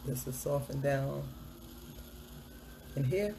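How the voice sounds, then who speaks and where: A woman's voice: low voice, moderate pace, darkish tone, a little hiss or hum. A woman vlogger chatting through a makeup tutorial, upbeat and repeating a hype catchphrase as she explains each step. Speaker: beauty vlogger.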